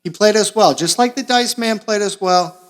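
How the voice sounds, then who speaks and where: A young man from Florida rambles through a crude, sarcastic comedy monologue, his voice sitting a little higher than most men's. He drops to mumbled asides, then jumps into loud outbursts. He records in a small makeshift space at home. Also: normal speed. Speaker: podcast host.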